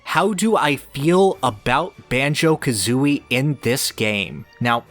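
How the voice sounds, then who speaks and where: A man's voice: mid-range voice, a bit bright. A man in a casual game discussion who lays out his views with passion and analysis. His talk flows in long, eager runs of opinion, stacked point upon point. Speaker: podcast co-host.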